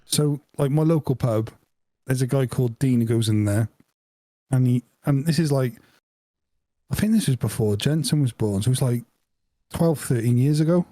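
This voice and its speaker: Mellow-voiced man telling a story. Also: medium pitch, normal speed, pauses often, no echo. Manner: rambling anecdote with laughs and acted-out quotes. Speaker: podcast co-host. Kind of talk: casual chat, storytelling.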